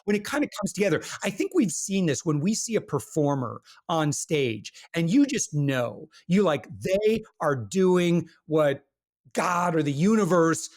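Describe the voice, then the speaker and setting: A man speaks as a podcast guest, his fairly high voice swinging widely in pitch. He tells his story earnestly and animatedly, often restarting his sentences as he goes. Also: expressive, measured pace. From Michigan, USA. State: briefly emotional while recalling hard times. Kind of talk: casual interview talk.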